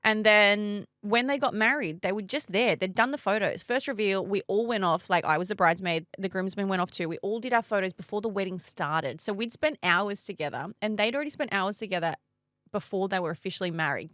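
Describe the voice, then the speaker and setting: A woman's voice: mid-range voice, fairly quick, fairly bright tone, no room sound, clean studio sound. A woman, co-hosting a podcast and telling stories with lots of laughter. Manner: chatty storyteller, laughs often. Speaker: podcast co-host. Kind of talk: casual chat.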